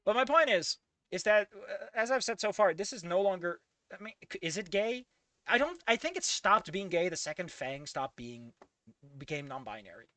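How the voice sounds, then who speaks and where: A man's voice: high-pitched, very animated, moderate pace, pushed and bright, dry recording. A man giving casual commentary on a fan fiction he reads aloud, ranting in a profane, exasperated way.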